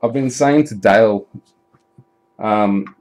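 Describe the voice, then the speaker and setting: A man with a lowish voice giving casual live commentary while he opens trading card packs. He talks in an unhurried drawl, swears freely and breaks into loud excited shouts at good pulls. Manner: chatty and profane, bursts into excited shouting.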